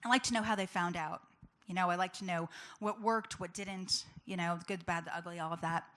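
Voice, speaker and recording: A woman's voice: on the low side, steady tone, fairly quick, a bit bright. A woman giving an earnest, personal talk to a live audience, chatty and full of fillers. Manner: earnest, conversational, with many fillers. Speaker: public speaker.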